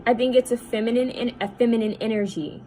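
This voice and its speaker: Hushed, halting woman psychic medium. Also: fairly high pitch, steady tone, slight background noise, poor audio. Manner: halting, repetitive, often dropping to a hushed voice. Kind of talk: spirit-channeling video monologue. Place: at home.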